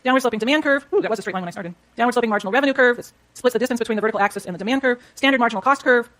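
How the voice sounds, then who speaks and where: A middle-aged woman lecturing on economics at a very quick clip. Her voice sits a little high, and she walks the class through each graph as she draws it. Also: fairly bright tone. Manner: brisk, explains while drawing graphs, talks to students.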